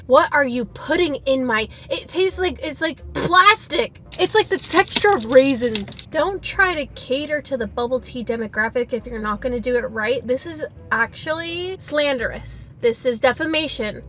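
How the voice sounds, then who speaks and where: High-voiced young woman, dramatic food reviewer. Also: measured pace, a bit bright. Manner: dramatic, exaggerated disgust. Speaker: vlogger. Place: parked car.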